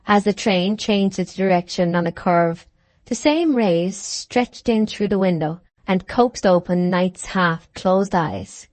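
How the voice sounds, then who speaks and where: A woman reads a classic novel aloud at a measured, even storytelling pace. Her voice sits mid-range for a woman. The recording is dry and close, with no room sound. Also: mid-range voice, no room sound. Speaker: narrator. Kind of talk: audiobook reading of a classic novel.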